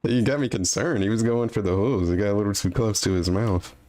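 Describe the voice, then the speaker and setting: A man's voice: fairly low pitch, fast, a little mellow. A man making casual, profane, mocking remarks while watching a video with friends. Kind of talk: casual stream banter.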